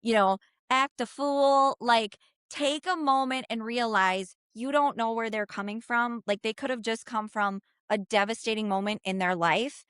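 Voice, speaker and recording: A woman from Minnesota speaks with a clear, smooth voice and a Minnesota accent. She talks as a podcast guest in a casual, animated way. The sound is dry and close. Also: on the high side, moderate pace, dry recording. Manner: animated, talks with her hands in words, lots of "like" and "you know".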